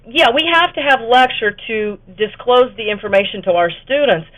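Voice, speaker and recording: A woman's voice: a little high, expressive, moderate pace, a bit bright. A woman presenting an instructional webinar to fellow educators, talking conversationally with fillers and the occasional self-correction. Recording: tinny phone-like webinar audio.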